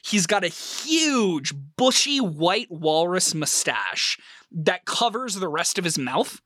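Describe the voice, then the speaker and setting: A man narrating a tabletop role-playing game as game master, with animated, vivid description. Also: sits high, slow pace, dry recording, studio quality.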